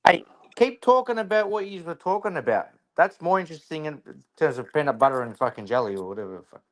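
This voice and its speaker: Aussie guy jumping on the call, laid back, kinda high voice, swears casually. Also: fast. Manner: relaxed, offhand, profane. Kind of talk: casual chat.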